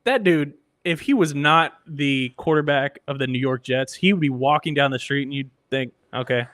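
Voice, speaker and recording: A man who works as a radio engineer, a guest on a sports podcast, telling anecdotes in a lively way and acting out other people's lines. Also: mid-range voice, normal speed, dry recording. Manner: animated anecdotes, acts out quoted voices. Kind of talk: casual storytelling.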